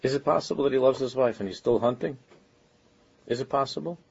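A man's voice: medium pitch, fast, gravelly, a little mellow, slightly rough, muffled recording. A man giving an informal Torah lecture as a religious teacher, talking earnestly and conversationally and often stopping to restart his sentences.

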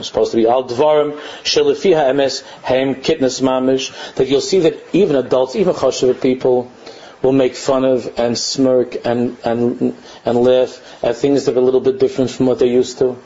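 A Torah teacher with a mid-range voice gives a religious lecture, reading lines from a text and translating them. He's animated and often mimics mocking children with repeated phrases, and the audio sounds dull.

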